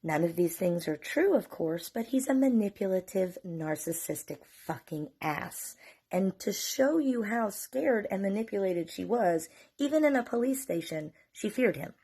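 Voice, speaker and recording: A woman's voice: medium pitch, animated, unhurried, warm tone, slightly rough. A middle-aged woman, a mother telling her family's story to camera, earnest and candid with frequent swearing, holding back tears.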